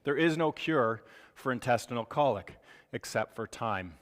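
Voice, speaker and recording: A man giving a live medical lecture to clinicians, animated and joking, acting out parents' reactions. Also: medium pitch, moderate pace, in a large hall.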